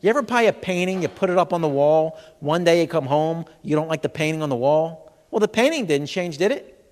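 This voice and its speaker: A man presents a comedic health seminar in a large expo hall, quizzing the audience with jokes in stand-up fashion. He sounds slightly high-pitched, animated and a little fast, and the live room adds long hall reverb.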